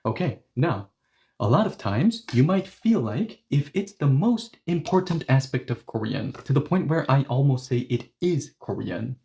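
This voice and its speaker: A man's voice: medium pitch, very animated, unhurried, creaky, dark tone. A man teaching a language lesson online, explaining points emphatically and repeating example phrases.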